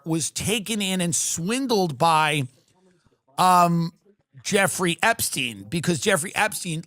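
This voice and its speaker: A man's voice: high-pitched, pushed and bright, no room sound, clean studio sound. A man hosting a livestream, riffing through a sarcastic comedic rant. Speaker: livestream host.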